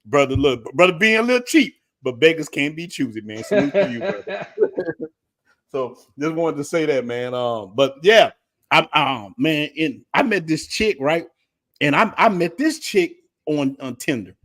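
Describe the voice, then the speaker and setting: A man's voice: on the high side, animated, normal speed. A man, telling slangy stories in a laughing, casual barbershop chat. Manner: loud laughing storyteller, slangy. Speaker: podcast host.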